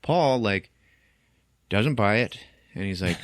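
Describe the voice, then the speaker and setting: A man's voice: fairly low pitch, measured pace, no room sound, clean studio sound. A man hosting a podcast, casually retelling a movie's plot, acting out the characters' lines and laughing often. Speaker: podcast host. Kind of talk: casual film recap.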